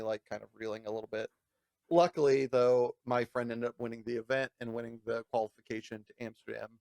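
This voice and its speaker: In a clean, echo-free studio recording, a male podcast co-host chats casually through a long story. He curses, laughs, and does high-voiced impressions of people, all in an animated, profane manner.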